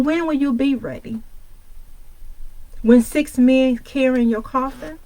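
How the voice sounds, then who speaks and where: A woman's voice: high voice, low-quality recording. A woman from Detroit giving a bold, confrontational motivational talk, hammering the audience with repeated rhetorical questions. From Detroit, United States. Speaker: motivational speaker and coach.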